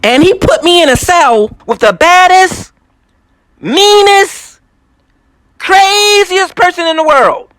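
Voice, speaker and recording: A man's voice: extremely high pitch, slow pace, fairly bright tone, no echo. A man doing stand-up comedy with a puppet, laughing at his own jokes and putting on voices. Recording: noisy room with audience crowd.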